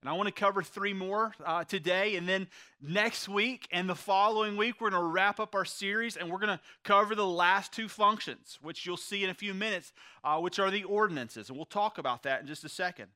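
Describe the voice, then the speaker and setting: A male pastor giving a sermon in a church, his voice pitched high for a man and ringing bright. He talks to the congregation in a conversational way and reads scripture aloud between his points. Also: a little fast.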